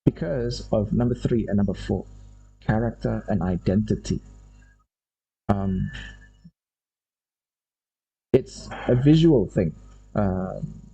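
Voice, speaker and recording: A university lecturer from Indonesia talks a class through his point in English. His voice is very husky and deep-toned, with a rather low pitch. He works through ideas aloud, often repeating himself. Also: dark tone, poor audio. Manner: unhurried, thinks aloud, often repeats phrases.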